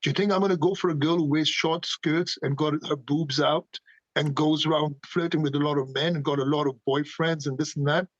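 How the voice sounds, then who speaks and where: A man's voice: on the high side, fairly even intonation, brisk, no room sound, lo-fi sound. A man speaking passionately as a podcast guest, firing off emphatic rhetorical questions. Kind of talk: animated conversational opinions.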